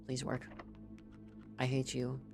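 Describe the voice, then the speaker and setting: A woman streamer giving live commentary as she plays a game, reacting out loud, swearing and reading in-game text aloud. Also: very deep voice, monotone, slow, soft background music.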